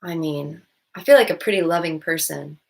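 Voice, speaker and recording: A woman's voice: deep voice, brisk, gravelly. A woman vlogger talking through her thoughts in a casual, rambling way, full of restarts and "like" fillers. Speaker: vlogger and stepmom. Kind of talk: casual reflective monologue.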